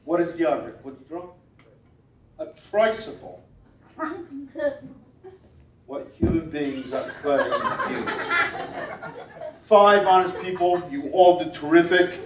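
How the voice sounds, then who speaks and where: A man with a fairly high voice runs a playful stage act, teasing volunteers and repeating short commands in a steady rhythm. His voice rings through a large, echoing hall. The mic catches him from some way off. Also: slow, long pauses, background noise. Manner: playful, teasing, wry asides. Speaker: stage performer reading body language. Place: event hall at a gala. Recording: roomy hall, voice picked up from a distance.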